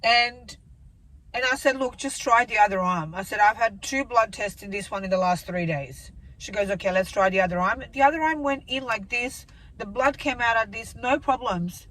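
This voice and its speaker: A woman's voice: on the high side, normal speed, a bit bright, low-quality recording. A woman in her thirties telling a rambling, emotional story straight to camera in a casual vlog update. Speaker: vlogger.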